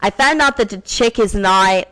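A woman's voice: mid-range voice, moderate pace, fairly bright tone, poor audio. A woman hosting her own radio show, telling a raunchy personal story in a brash, profane, frank way. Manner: brash and profane, talks frankly about sex.

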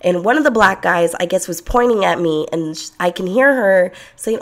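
A woman's voice: mid-range voice, moderate pace, hardly any pauses, a bit bright. A young woman from Los Angeles telling a candid personal story in a blunt, chatty, profane way.

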